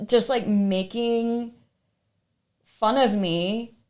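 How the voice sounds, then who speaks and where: A woman's voice: fairly high pitch, steady tone, very slow, darkish tone. Woman telling a story emphatically. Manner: emphatic storytelling, frequent swearing. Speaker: podcast guest. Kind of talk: casual chat.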